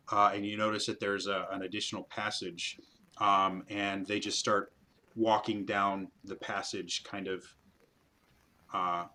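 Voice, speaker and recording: A man's voice: on the low side, bright, forceful tone, a little hiss or hum, low-quality recording. A man narrating a tabletop game as game master, rambling with many fillers.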